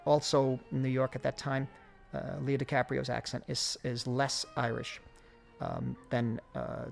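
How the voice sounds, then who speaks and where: Gravelly-voiced man giving film commentary. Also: medium pitch, big pitch swings, measured pace, faint music behind. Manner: reflective, many fillers and restarts. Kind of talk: audio commentary.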